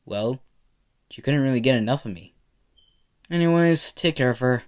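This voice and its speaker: A man's voice: mid-range voice, expressive, normal speed, darkish tone, natural voice. A man voicing a cocky, teasing teenage boy hero in a casual, drawling way with lots of fillers.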